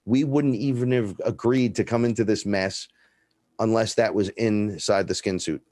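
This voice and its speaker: Low-voiced man telling wild stories. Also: moderate pace, dry recording, clean studio sound. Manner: profane, animated, acts out dialogue in his stories. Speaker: guest. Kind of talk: casual storytelling chat.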